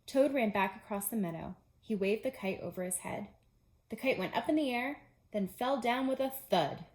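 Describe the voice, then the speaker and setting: A woman, a pre-K teacher, reading a chapter book aloud to young children with clear, gentle pacing. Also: on the high side, normal speed, reverberant.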